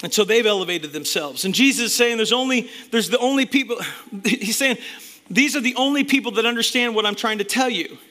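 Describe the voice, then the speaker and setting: A male pastor delivers a fired-up sermon in a high-pitched, bright voice. He swings between loud, emphatic bursts and hushed, intense passages as he addresses his church. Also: brisk.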